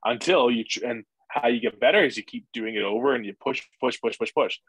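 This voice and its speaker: A man talking as a podcast guest, energetic and profane, acting out inner voices as he explains. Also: mid-range voice, fairly quick, a little hiss or hum, low-quality recording. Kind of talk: casual interview chat.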